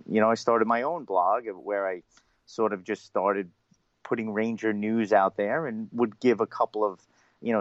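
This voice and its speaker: A man with a Long Island accent co-hosting a casual sports podcast, relaxed and full of "you know" fillers. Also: on the low side, no room sound. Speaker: podcast co-host and blogger. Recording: dull, dry lo-fi mic.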